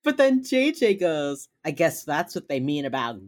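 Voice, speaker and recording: A woman co-hosting a casual chat, retelling a TV episode with animated voices for the characters and frequent laughs. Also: low-pitched, a little slow. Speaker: podcast co-host recapping a TV episode.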